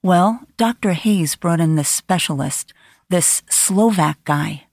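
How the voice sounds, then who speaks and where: A woman's voice: on the low side, slow pace, vocal fry, darkish tone, no echo, clean studio sound, full character voice. A woman voicing a frightened young woman who speaks with urgency in an audiobook reading. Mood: anxious. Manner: urgent, breathless pleading.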